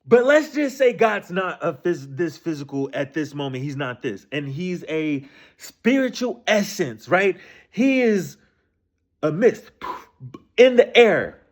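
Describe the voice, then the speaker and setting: A man, ranting casually about scripture in a profane, animated way, full of repeated rhetorical questions. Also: on the high side, slow pace. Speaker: streamer discussing scripture.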